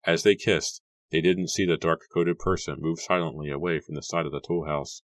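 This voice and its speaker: A man narrating a horror audiobook in a measured, even reading. His voice is exceptionally deep, and the recording is dry and close with no room sound. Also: dry recording.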